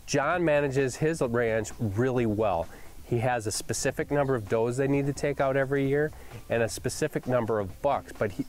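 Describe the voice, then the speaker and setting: A middle-aged man hosting a hunting show, recapping a hunt in a casual, excitable way. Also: medium pitch. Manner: excitable, enthusiastic storyteller.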